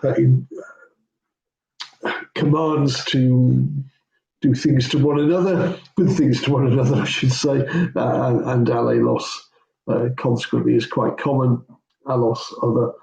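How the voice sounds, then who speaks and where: A man's voice: medium pitch, steady tone, a little slow, creaky, warm tone. A man, a pastor, talking through biblical Greek grammar in an informal lesson, hesitant, with many ums and self-corrections. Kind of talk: informal teaching walkthrough. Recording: roomy echo.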